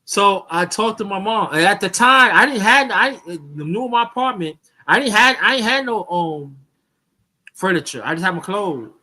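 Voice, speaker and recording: Host, male, high bright voice, rambling chatty storyteller who restarts his sentences. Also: animated, normal speed. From New York. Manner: rambling, repeats himself, restarts often. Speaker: YouTube channel host. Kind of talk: casual storytelling on a live chat.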